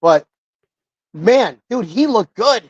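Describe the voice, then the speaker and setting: A man talks football in a quick, rambling way, stopping to fix his own words. His voice sits fairly high. It comes through a muffled, dull remote connection with no room sound at all. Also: husky, dry recording. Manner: rambling, excitable, self-correcting. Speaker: podcast co-host. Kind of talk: casual sports chat. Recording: muffled dry remote call audio.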